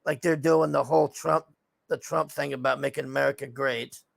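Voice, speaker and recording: Frustrated and swearing often, a TV show reviewer recaps an episode in a rambling rant packed with fillers. His medium-pitched, creaky voice keeps fairly even intonation at normal speed, with no echo.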